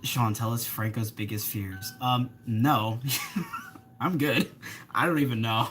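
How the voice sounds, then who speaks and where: A man's voice: mid-range voice, takes it slowly. A man dropping into his brother's casual live stream, playful and giggly, cracking jokes. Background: faint background music.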